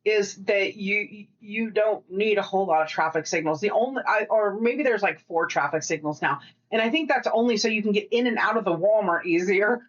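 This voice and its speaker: A woman's voice: mid-range voice, dull audio. Sex: woman. Role: podcast co-host. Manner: chatty, profane. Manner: chatty, profane, rambling with quick asides. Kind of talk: casual chat.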